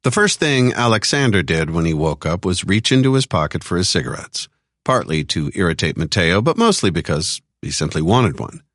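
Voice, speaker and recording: A male audiobook narrator with a very deep voice and lots of pitch movement. He reads the thriller expressively, recorded close and completely dry. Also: sing-song, normal speed, a bit bright, dry recording. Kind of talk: scripted narration.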